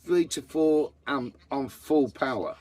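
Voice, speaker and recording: A man's voice: medium pitch, animated, slow, a little mellow. A man chatting casually to camera about his camper van, blunt and full of swearing. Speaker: vanlife vlogger.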